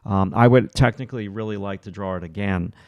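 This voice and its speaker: A man's voice: fairly low pitch, brisk, no room sound, muffled recording. A man teaching a livestreamed drawing lesson, talking through each stroke as he sketches and encouraging viewers to keep going. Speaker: art instructor.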